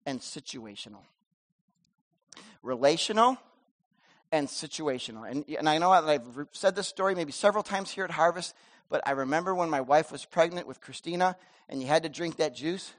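A middle-aged male pastor preaching a sermon in a church, animated, moving between loud emphasis and soft asides. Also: a little high, normal speed.

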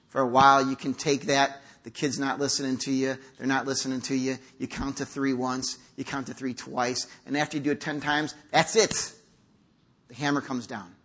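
A man's voice: medium pitch, a bit bright. A middle-aged man preaching a conversational sermon in a church, acting out quotes as he goes. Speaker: pastor. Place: church sanctuary.

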